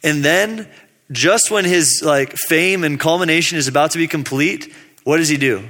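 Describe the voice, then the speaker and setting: A man's voice: a little high, normal speed, sharp tone. Casual slangy preacher man in a reverberant hall. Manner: laid-back, slangy, acts out quotes. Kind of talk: casual youth sermon.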